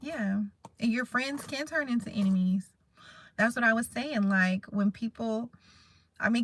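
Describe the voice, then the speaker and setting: Gravelly-voiced woman vlogging candidly. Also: medium pitch, no echo. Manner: candid, emotional, rambling. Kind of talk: casual heartfelt chat to camera.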